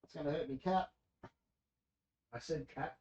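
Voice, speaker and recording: On the high side with a darkish tone, this Australian man speaks at a moderate pace while brewing on a livestream. He chats casually and rambles, reading out chat and talking to himself, in slightly dull lo-fi sound.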